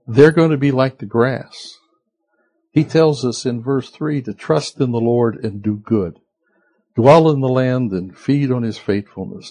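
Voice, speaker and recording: Husky-voiced man preaching slowly. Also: mid-range voice, mellow. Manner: unhurried, conversational preaching with rhetorical questions. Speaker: pastor. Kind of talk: sermon.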